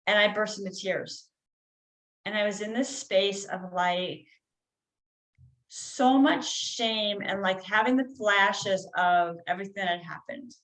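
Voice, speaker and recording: A woman's voice: mid-range voice, unhurried, fairly bright tone, reverberant, poor audio. A woman, a healer guest on a podcast, telling a personal story in a casual, chatty way with many "like" and "you know" fillers.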